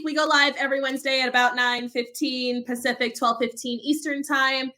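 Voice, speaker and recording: A young woman co-hosts a casual podcast, with a bright, forceful tone and a slightly high voice. She talks in an animated, emphatic way, ranting with energy. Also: normal speed. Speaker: podcast co-host.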